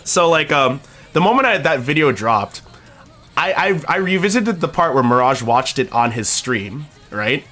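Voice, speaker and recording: Young male streamer, lively bright voice, rambling casual chat. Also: on the high side, moderate pace, faint music behind. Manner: rambling, animated storytelling with voiced quotes.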